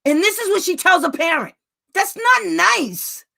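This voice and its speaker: A woman's voice: very high-pitched, lively intonation, unhurried, vocal fry, sharp tone. A woman special education advocate talking to parents in a blunt, angry rant, raising her voice at times and laughing between outbursts. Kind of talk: heated live talk to parents.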